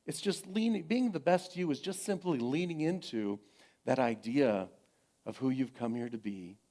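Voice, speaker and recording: A middle-aged man preaching a sermon as minister, gentle and encouraging, conversational, repeating his phrases and telling family stories. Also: mid-range voice, normal speed.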